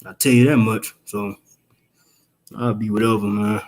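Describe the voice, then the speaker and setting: A man ranting on a casual live stream, profane and emphatic, firing off rhetorical questions in quick rambling bursts. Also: lowish voice, little pitch movement, darkish tone. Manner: fast rambling outbursts.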